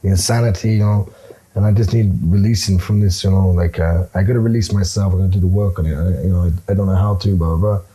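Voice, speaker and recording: Man, casual anecdote, low voice, mellow tone, hesitant and full of fillers. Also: steady tone, quick pace, husky, low-quality recording. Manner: rambling, hesitant, many fillers, swears.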